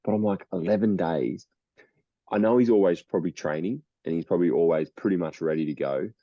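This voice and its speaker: A man's voice: low voice, brisk, no echo, lo-fi sound. A young Australian man co-hosting a podcast, chatting casually and rambling, laughing often. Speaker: podcast co-host. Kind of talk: casual chat.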